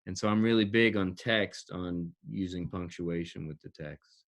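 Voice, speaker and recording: Man, acting coach and director, low voice, emphatic, repeats himself, interview. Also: moderate pace. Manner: emphatic, repeats key words, laughs between points. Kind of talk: explaining his teaching in an interview.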